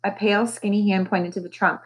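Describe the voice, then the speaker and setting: A woman teacher reading a novel aloud to her class, with expressive, animated storytelling. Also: mid-range voice, a little fast, poor audio.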